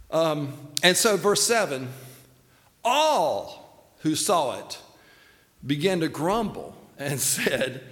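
Man preaching, folksy storytelling, fairly high voice, long hall reverb. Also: very animated, moderate pace, fairly bright tone. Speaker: pastor. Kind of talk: sermon.

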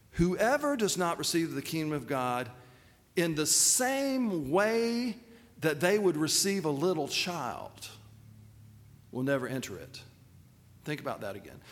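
A man's voice: fairly high pitch, fairly bright tone, big-room sound. A man preaching a sermon in a loose, conversational way, with fillers and restarts. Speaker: pastor.

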